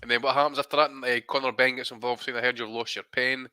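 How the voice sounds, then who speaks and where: A man with a bright, forward voice co-hosts a boxing podcast, blunt and full of jokes and swearing. The recording is dry and close-miked. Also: medium pitch, level tone, fast talker, clean tone, no echo. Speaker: podcast co-host. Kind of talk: casual boxing chat.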